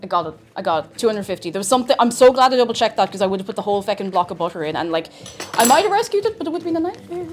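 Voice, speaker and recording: A medium-pitched, sing-song voice comes at a rapid-fire clip from a young woman baking on a livestream. Faint music plays in her home kitchen as she rambles, welcomes viewers and jokes at her own expense.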